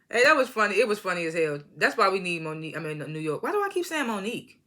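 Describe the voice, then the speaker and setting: Sing-song and fast, with a sharp tone and medium pitch, a woman retells a reality show episode in loose, slangy fashion. She laughs a lot and acts out the cast's quotes while recounting scenes.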